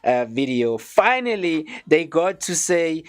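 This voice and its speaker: A man's voice: a little high, moderate pace. A man hosting a live interview, playful and chatty with lots of fillers. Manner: animated, playful, many fillers. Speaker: talk show host.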